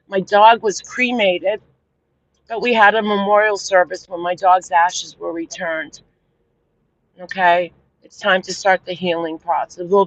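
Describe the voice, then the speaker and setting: A woman's voice: medium pitch, no echo. Indignant woman livestreaming, dull lo-fi sound. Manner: animated, indignant retelling. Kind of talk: casual livestream chat.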